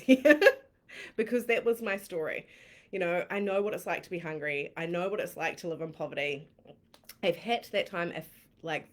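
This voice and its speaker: A woman with a New Zealand accent and a slightly low-pitched voice. She coaches on a live stream and tells her own story frankly and excitedly. She laughs often and swears casually. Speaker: manifestation coach.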